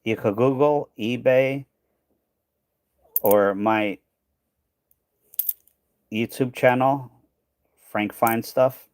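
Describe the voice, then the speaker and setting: He has a medium-pitched, slightly mellow voice, stretching words out with long pauses in a dry recording. A coin hunting channel host, he sorts coins during a casual livestream, thinking aloud and trailing off as fatigue wears his voice down.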